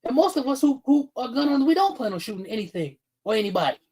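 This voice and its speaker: With an extremely high pitch, big swings in pitch and a fast pace, this man's voice still sounds a little mellow. He's a livestream host ranting with heat and bluntness, cursing heavily and singling out chat viewers by name. The audio is poor.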